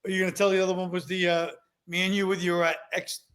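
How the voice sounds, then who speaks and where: A man's voice: high-pitched, level tone, quick pace, a bit bright. A man chatting as a guest on a video call, with short, dry replies. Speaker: comedian guest. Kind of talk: casual chat.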